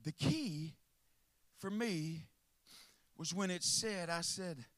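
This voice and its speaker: High-voiced preacher, hushed to shouting. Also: male voice, slow pace, no room sound. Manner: impassioned, swings from hushed to shouting; calls out to the congregation. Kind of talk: sermon.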